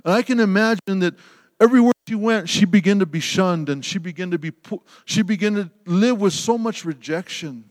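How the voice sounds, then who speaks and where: Male preacher, high voice, impassioned sermon delivery, echoing sanctuary. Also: fairly quick. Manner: impassioned, swings from loud emphasis to hushed tenderness. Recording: long hall reverb.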